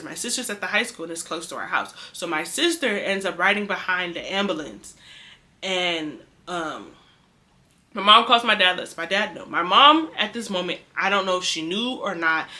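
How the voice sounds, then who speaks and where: A young woman from the Bay Area casually telling a personal testimony, chatty and animated, acting out what people said. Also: mid-range voice. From San Francisco Bay Area. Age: young adult. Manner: chatty, animated, acts out quoted speech. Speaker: vlogger sharing a testimony.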